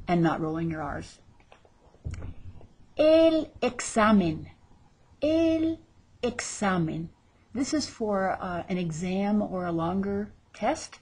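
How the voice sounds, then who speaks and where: Husky-voiced woman teaching Spanish vocabulary. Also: lowish voice, darkish tone. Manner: slow, drawn-out model pronunciations. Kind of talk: recorded vocabulary lesson.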